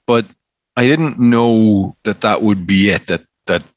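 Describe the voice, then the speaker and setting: A man's voice: on the low side, slow pace, no room sound, dull audio. A man in casual film chat, rambling with frequent restarts and swearing. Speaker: podcast co-host.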